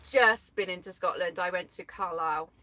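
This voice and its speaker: A woman's voice: lowish voice, normal speed, pushed and bright. A woman co-hosting a casual live chat from England, laughing often and reading out viewers' comments.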